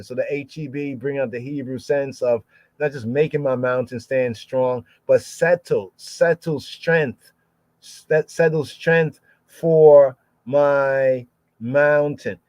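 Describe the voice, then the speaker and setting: A man's voice: mid-range voice, fairly even intonation, slow, a little mellow, no echo. A man teaching scripture verse by verse, sounding out each word and repeating phrases many times. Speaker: Bible teacher. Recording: dull lo-fi podcast audio.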